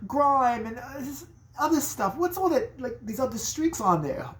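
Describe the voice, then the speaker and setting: A woman's voice: expressive, moderate pace, roomy sound, slight background noise. A woman voicing a fussy British cleaner in a put-on British accent, squealing with disgust. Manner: squealing, disgusted, high and breathy.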